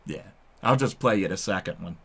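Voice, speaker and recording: A man's voice: deep voice, animated, brisk, vocal fry, breathy edge. A man hosting his own channel, chatting casually and rambling at home with frequent laughs. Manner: laid-back, rambling, laughs a lot. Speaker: channel host. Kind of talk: casual stoner chat to camera. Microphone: headphones and desk mic.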